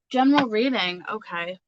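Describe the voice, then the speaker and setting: A woman's voice: sits high, dull audio, slight background noise. A young woman giving a casual, chatty tarot reading, giggling often and speaking straight to her viewers. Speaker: tarot reader.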